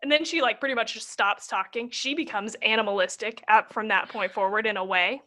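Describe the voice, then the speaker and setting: Bright, higher-voiced woman co-host. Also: a little fast. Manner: casual, filler-heavy talk with lots of "like". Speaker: podcast co-host. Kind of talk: casual chat reviewing a film.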